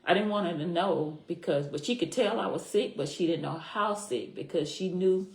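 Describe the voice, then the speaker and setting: A middle-aged woman with a very low, deep voice tells her own story as a podcast guest. She speaks earnestly and from the heart, repeating key phrases for weight. The sound has a noticeable echo from the room. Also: normal speed, gravelly, darkish tone. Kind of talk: personal story in a podcast interview. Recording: echoey room.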